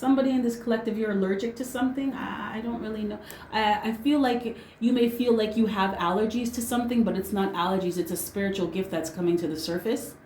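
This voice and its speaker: A mid-range, slightly mellow voice belongs to a fast-talking tarot reader with fairly even intonation. Her casual reading is blunt, slangy, and full of swearing, driven home with "right?" and "okay?" The sound has a roomy echo and a bit of hiss or hum.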